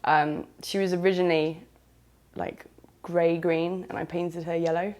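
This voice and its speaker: A woman's voice: fairly low pitch, fairly even intonation, unhurried, darkish tone. A woman with a southern English accent telling a candid first-person story in a loose, frank, chatty way with British slang. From southern England.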